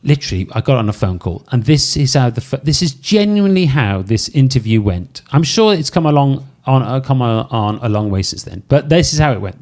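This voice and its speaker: A middle-aged Welsh man, a podcast co-host, telling a story in a lively, self-deprecating way. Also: mid-range voice, a little fast, hardly any pauses. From Wales. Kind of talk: casual storytelling chat.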